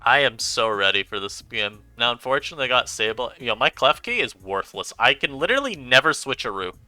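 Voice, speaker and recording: A man giving chatty, animated commentary over his own gameplay as a streamer, laughing often. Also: mid-range voice, brisk, no room sound, faint music behind. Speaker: online game streamer.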